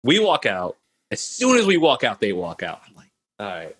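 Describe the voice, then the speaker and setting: Young man from Minnesota, husky and bright, a lively storyteller on a video call. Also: fairly low pitch, moderate pace. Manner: animated, laughing, acts out voices in his stories. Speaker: podcast guest.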